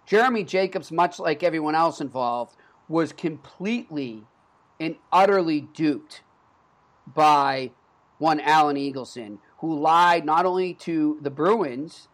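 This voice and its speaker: A man's voice: on the high side, a little slow, a bit bright. A man in his thirties with a Boston accent, hosting a sports podcast in casual chat and rambling with frequent restarts. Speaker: podcast host.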